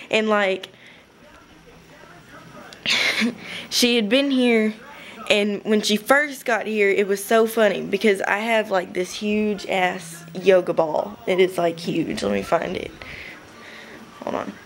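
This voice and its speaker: A young woman casually telling a rambling story to her webcam at home, chatty and giggly, with quick bursts. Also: mid-range voice, steady tone. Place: home room.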